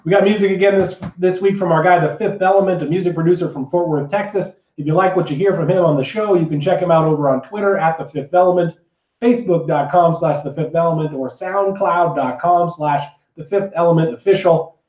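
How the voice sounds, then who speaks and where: A man's voice: fairly high pitch, brisk, darkish tone, far from the mic. A man co-hosting a podcast, chatting casually and reading the show rundown with dry jokes. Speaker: podcast co-host. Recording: roomy, dull lo-fi sound.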